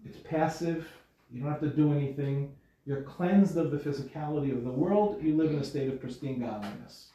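A man's voice: fairly high pitch, normal speed, dark tone. A man giving an informal Torah class. He talks in a conversational way, asks his listeners questions and slips in dry humor. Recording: distant, echoey, muffled lecture recording.

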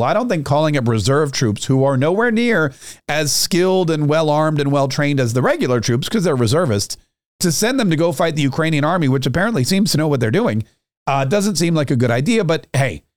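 A man's voice: fairly high pitch, dry recording, studio quality. A man hosting a podcast, delivering a rambling, sarcastic political commentary monologue. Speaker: podcast host.

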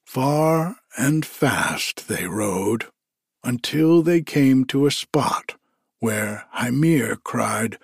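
A man reading a story aloud in a slow, deliberate storytelling manner. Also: medium pitch, expressive, gravelly, slightly rough, no echo, studio quality.

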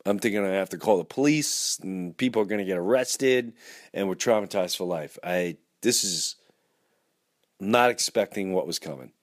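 A man hosting a podcast, telling a dramatic story in an animated, rambling way full of restarts. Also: low-pitched, normal speed. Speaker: podcast host.

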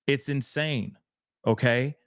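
A man's voice: medium pitch, slow pace, dry recording, clean studio sound. A man co-hosting a casual talk show, speaking emphatically and repeating phrases for emphasis. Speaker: podcast co-host. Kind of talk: casual discussion.

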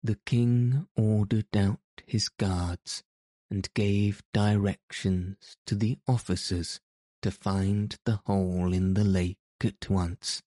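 An audiobook narrator reads a fairy tale in a measured, even storytelling manner. His voice is on the low side, and the scripted narration is captured dry with clean studio sound.

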